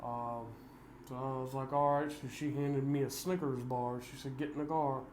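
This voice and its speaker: A man's voice: medium pitch, flat delivery, normal speed. A man with a Southern US accent telling a personal story in a plain-spoken, earnest, rambling way. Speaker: vlogger. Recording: roomy echo, faint background hum.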